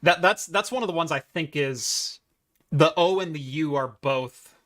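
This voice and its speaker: A man co-hosting a casual tech podcast, chatty, with halting restarts. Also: a little high, a bit bright, slight background noise. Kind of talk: casual chat.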